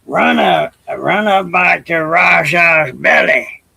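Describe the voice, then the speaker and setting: A man's voice: a little high, slow, gravelly, pushed and bright, slightly rough, no echo, heavily acted. An older man voicing a small male tailor bird who begs for help in a sing-song, pleading way.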